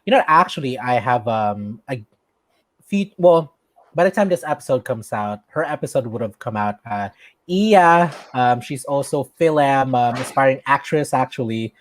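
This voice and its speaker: A podcast host interviewing a guest, enthusiastic and rambling, full of ums with Tagalog asides. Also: male voice, medium pitch, expressive, normal speed, dry recording. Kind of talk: casual interview chat.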